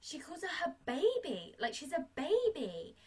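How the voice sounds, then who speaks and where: Young female podcast co-host, high bright voice, very lively delivery, comic re-enactments. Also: a little slow, over a noisy crowd. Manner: animated, acts out scenes in high shouted voices, swears freely. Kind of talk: casual film review chat.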